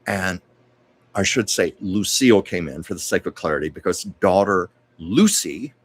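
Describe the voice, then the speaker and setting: A man's voice: sits low, lively intonation, normal speed, breathy edge. A man hosting a livestream, telling anecdotes in a conversational way with little asides. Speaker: host. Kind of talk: storytelling livestream chat.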